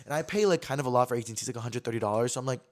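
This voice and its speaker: Fast-talking young man telling a story. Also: medium pitch. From California. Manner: animated, swears a lot, acts out quotes. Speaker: podcast host. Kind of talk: casual storytelling chat.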